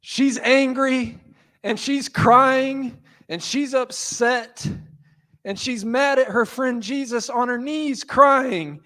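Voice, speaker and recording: A man pastor giving a sermon, telling the story with animated voices and asides. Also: very high-pitched, slow pace. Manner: animated storytelling, acting out quotes.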